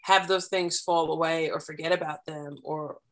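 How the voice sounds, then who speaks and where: A woman guest on a podcast explaining parenting and self-care ideas in a measured, deliberate way, building each point step by step. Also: sits low, fairly even intonation, fairly bright tone. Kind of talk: explanatory conversational advice.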